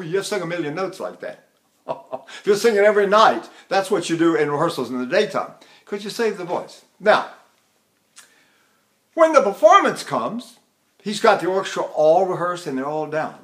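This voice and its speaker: A man's voice: sits high, very animated, normal speed, fairly bright tone. An older man teaching vocal technique in a chatty, anecdotal lecture, turning to his students with asides and breaking off to sing bits of opera. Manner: addresses students directly with frequent "see?".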